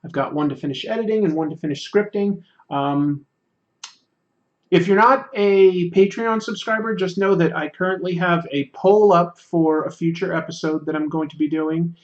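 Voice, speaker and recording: A livestream host with a high voice talks at a moderate pace while he draws, reading the chat aloud and making self-deprecating jokes. The recording sounds muffled.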